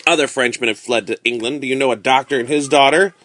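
A man's voice: mid-range voice, steady tone, fast, a bit bright, no room sound, natural voice. A man reading aloud as a cruel, proud aristocratic uncle who speaks sternly and with a sneer.

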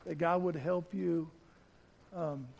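A middle-aged man preaching a sermon as pastor, telling a personal story, often repeating words and growing soft and slow at tender moments. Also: fairly high pitch, fairly even intonation, slight background noise. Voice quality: gravelly. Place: church.

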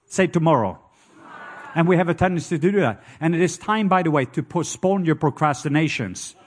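A man's voice: a little high, a little fast, slight background noise. A man with a Norwegian accent preaching a sermon, telling stories and joking with the congregation. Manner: storytelling, playful asides to the congregation.

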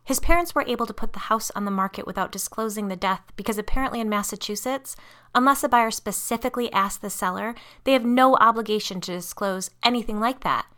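A woman's voice: mid-range voice, fast talker, fairly bright tone, voice pushed up, lightly acted. A woman reading a horror story aloud, voicing a frightened mother who speaks in a heated, emphatic way that keeps rising. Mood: indignant. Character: frightened, indignant mother, worn down and angry.

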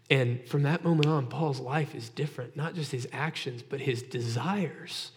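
Speaking at a moderate pace with hardly any pauses, a medium-pitched pastor preaches a sermon in a hall whose long reverb echoes around him. He keeps it conversational, posing rhetorical questions.

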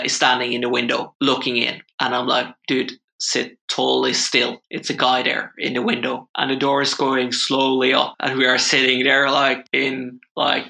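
Bright gravelly young man telling a story. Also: medium pitch. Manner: rambling, full of "like" fillers. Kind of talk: casual chat.

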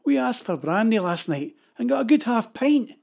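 An older man voicing his elderly Scottish father-in-law, a folksy old storyteller, in a slightly raised husky voice. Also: very high voice, big pitch swings, moderate pace, darkish tone, voice pushed up, heavily acted. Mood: reminiscing.

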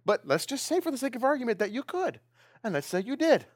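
Animated preacher man, lively questioning. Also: extremely high pitch, fast talker, dry recording, studio quality. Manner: lively, questioning the congregation, laughing often. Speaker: pastor. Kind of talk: sermon.

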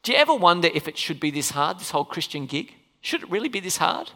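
Lively preacher in a reverberant hall. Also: mid-range voice, quick pace. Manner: animated, peppered with questions to the congregation. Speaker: pastor. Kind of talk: sermon.

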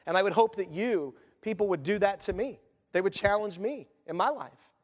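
A man's voice: high-pitched, moderate pace, big-room sound. A man preaching a sermon as pastor, in a conversational style with asides and acted quotes.

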